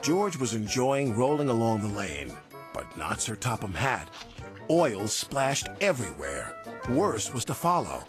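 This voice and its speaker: Man reading a kids story, super animated, music playing behind. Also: mid-range voice, measured pace. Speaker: narrator. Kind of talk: children's storybook narration. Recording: narration over background music.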